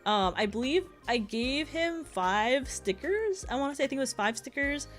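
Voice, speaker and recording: A young woman chats fast on her stream, stumbling over her words and giggling as she rambles. Her voice sits a little high, with faint music playing behind her. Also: very animated. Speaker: VTuber streamer. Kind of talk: casual chat stream.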